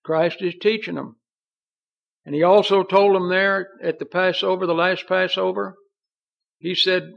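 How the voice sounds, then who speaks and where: A man's voice: high voice, steady tone, unhurried, creaky, pauses often. A man preaching a sermon in an earnest, folksy way, reading scripture aloud. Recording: dull lo-fi recording.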